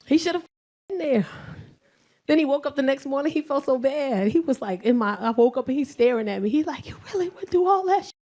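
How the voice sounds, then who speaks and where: A New York woman in her forties doing stand-up comedy, loud and animated, shouting punchlines and acting out both sides. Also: sits high, fairly quick. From South Bronx, New York.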